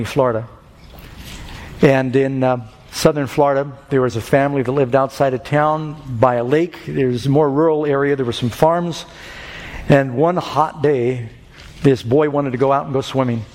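A man's voice: mid-range voice, a little mellow. A man preaching an evangelistic sermon, earnest and telling stories that build to fervent peaks. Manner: earnest, rising to fervent climaxes in storytelling. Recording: music and long hall reverb.

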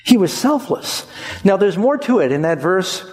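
A man's voice: high voice, sing-song, normal speed, noisy background. A man preaching a sermon with emphasis, leading the congregation in repeating phrases. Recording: long hall reverb.

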